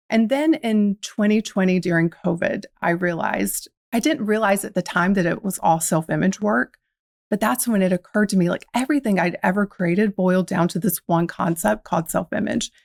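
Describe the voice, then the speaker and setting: This woman's voice is fairly low, gravelly and darkish, captured in a dry, studio-quality recording. Hailing from the American South, she reflects on her story as a podcast guest, quoting her own inner dialogue.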